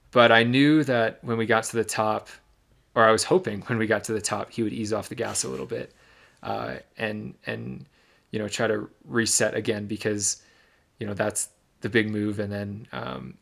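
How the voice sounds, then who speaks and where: A man's voice: fairly low pitch, vocal fry, fairly bright tone. A young man from Michigan, a podcast co-host, giving a detailed, reflective recap of a race in casual storytelling.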